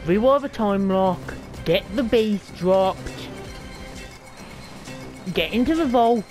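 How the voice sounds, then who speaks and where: An Australian woman chatters through her gameplay in loose, slangy, heavily sworn commentary. Her voice sits in an ordinary middle pitch, and faint game music plays behind her. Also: animated, slow, a little mellow. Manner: profane, rambling, slangy banter. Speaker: game streamer.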